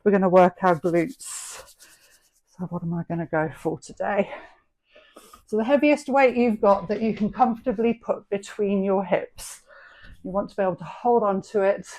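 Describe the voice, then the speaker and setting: A middle-aged English fitness instructor talks people through an online dumbbell session, move by move. She calls out reps and form tips encouragingly, in a practical, friendly way. Her voice is mid-range and darkish, at a moderate pace.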